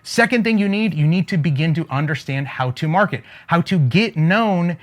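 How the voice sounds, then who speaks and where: A man delivers a faith-flavored business pep talk to camera with the rhythm of a preacher. His voice sits high and moves a lot, rising and falling as he drives his points home and throws questions back at his listeners. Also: lively intonation, normal speed. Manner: emphatic, preacher-like cadence with call-and-response asides. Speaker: faith-based business coach.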